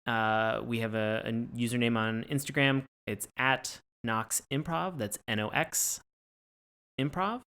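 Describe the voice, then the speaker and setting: A man's voice: mid-range voice, unhurried, bright, forceful tone, smooth. A man co-hosting a podcast, upbeat, plugging upcoming shows and his social handles. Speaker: podcast co-host. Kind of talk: casual podcast chat.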